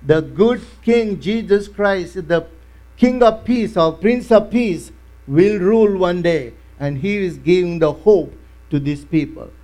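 Pastor, male, high voice, emphatic repetitive preaching. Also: slow pace, warm tone. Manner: emphatic preaching with repeated phrases. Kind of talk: sermon.

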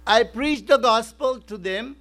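A man's voice: extremely high pitch, measured pace, fairly bright tone. A male pastor preaching a sermon in an emphatic way, repeating his key phrases.

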